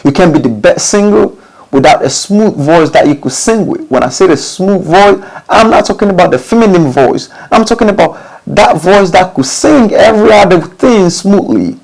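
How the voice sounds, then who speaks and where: A man's voice: moderate pace, creaky, low-quality recording. A man giving informal advice to recording artists, often restarting phrases and asking rhetorical questions. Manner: repetitive, restarts phrases, rhetorical questions, lively pitch swings. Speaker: music studio instructor.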